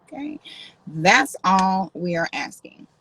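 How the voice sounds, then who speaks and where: A woman talking in a casual livestream vlog, animated and sassy. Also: mid-range voice, slow pace, a little hiss or hum, low-quality recording. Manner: animated, sassy, exaggerated outbursts. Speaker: vlogger.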